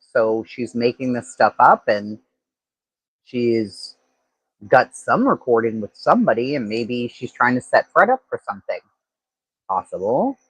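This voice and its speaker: A man talks through a case on his livestream in a loose, rambling way, restarting sentences and leaning on fillers. His voice is husky and sits at an ordinary middle pitch, heard dry and close. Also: big pitch swings, a little slow, fairly bright tone, dry recording, low-quality recording. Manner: rambling, thinks aloud, frequent fillers and restarts. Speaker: true-crime livestream host. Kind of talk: casual livestream commentary.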